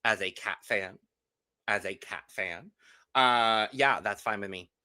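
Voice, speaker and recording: A man's voice: on the low side, slow pace, clear, resonant tone. A young man co-hosting a podcast, chatting casually and playfully as he recaps a reality show. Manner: animated, playful, gossipy. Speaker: podcast co-host.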